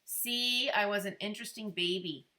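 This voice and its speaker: A woman reading aloud, voicing an excitable, chatty four-year-old boy in a sing-song manner. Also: normal speed, close to an everyday voice. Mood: eager. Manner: squeaky, sing-song, mimics cartoon voices.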